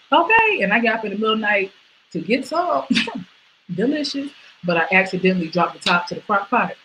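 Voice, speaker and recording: A young woman performing a stand-up set from home over a video stream, jumping to high squeals and dropping to mutters. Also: slight background noise, low-quality recording. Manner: animated, with sudden high squeals and drops to mutters. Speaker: stand-up comedian.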